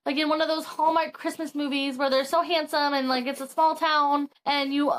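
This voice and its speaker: A woman's voice: high voice, little pitch movement, normal speed, fairly bright tone. A woman voicing a dramatic, fed-up young woman while retelling a story. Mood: dreamy.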